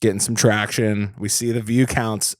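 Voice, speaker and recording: A young man co-hosting a podcast in casual chat, laid-back and quick to agree. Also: on the low side, little pitch movement. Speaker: podcast co-host. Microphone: studio mic.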